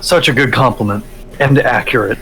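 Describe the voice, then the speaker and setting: A man's voice: medium pitch, a little fast, fairly bright tone, a little hiss or hum, low-quality recording. A man co-hosting a casual political podcast, agreeing and joking in brief replies. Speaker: podcast co-host.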